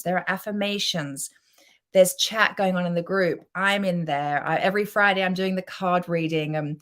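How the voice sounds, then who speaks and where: Woman, low voice, self-love coach, live-stream pitch, effusive, chatty. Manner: effusive, chatty, reads out viewer comments.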